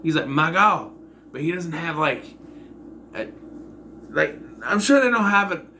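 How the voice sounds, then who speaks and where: A man giving a casual, rambling spoken movie review, often clearing his throat. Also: a little high, very animated, normal speed, sharp tone, slight background noise.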